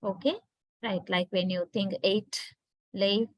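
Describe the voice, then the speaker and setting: A woman's voice: mid-range voice, steady tone, takes it slowly, no echo, rough recording. A Sri Lankan woman lecturing on English phonetics, explaining step by step with frequent tag questions and fillers. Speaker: university lecturer.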